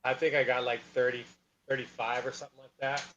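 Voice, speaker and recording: A man's voice: medium pitch, level tone, fast, dull audio, a crowd in the background. A man chatting as a guest on a stream over voice chat, giving short, easygoing replies. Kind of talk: casual chat. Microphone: voice chat over Discord.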